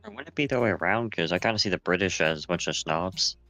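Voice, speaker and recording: A man with a very low voice throws quick, blunt remarks into a casual podcast chat. Faint music plays underneath. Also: lively intonation, pushed and bright, dry recording. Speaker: podcast co-host.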